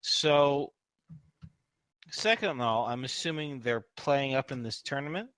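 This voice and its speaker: Lively casual man at a game table. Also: mid-range voice, smooth, dry recording. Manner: casual, quick reactions. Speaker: player.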